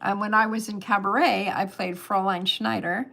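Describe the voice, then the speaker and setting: A woman's voice: medium pitch, steady tone, moderate pace, creaky, bright, forceful tone. Older lady from california rambling on her livestream, chatty, giggles a lot, webcam sound. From California, USA. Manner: chatty, rambling, laughs often. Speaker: host of a livestream. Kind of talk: casual livestream chat.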